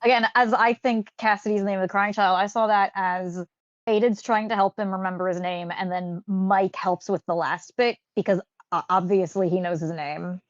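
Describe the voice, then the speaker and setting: A woman's voice: medium pitch, steady tone, normal speed, dry recording, lo-fi sound. A woman chatting casually about game lore as host, rambling with many fillers and restarts.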